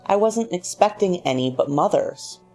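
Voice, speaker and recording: A woman reading as a quiet, withdrawn wife. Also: lowish voice, lively intonation, normal speed. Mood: guarded. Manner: quiet, without emotion. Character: withdrawn, flat-voiced wife, middle-aged woman. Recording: faint music underneath.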